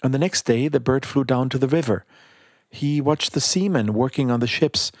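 A man reading a children's storybook aloud in a calm, steady narration. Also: medium pitch, moderate pace, no room sound, clean studio sound.

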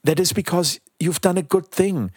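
A man's voice: sits high, moderate pace, a little mellow, breathy edge, dry recording, studio quality, pitched above the performer's own voice. A man playing a kind, sorrowful statue prince. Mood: gentle sorrow.

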